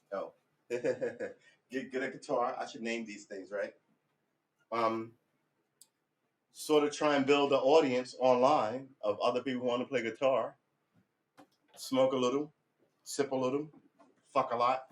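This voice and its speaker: A middle-aged man chatting casually on a livestream about guitar practice, rambling and swearing, getting loud and heated when he rants. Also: fairly low pitch.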